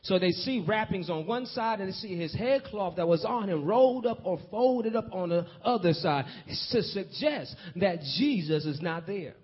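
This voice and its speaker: Preaching man on a dull lo-fi recording. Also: breathy edge. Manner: rises from hushed low asides to loud excited calls. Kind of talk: sermon.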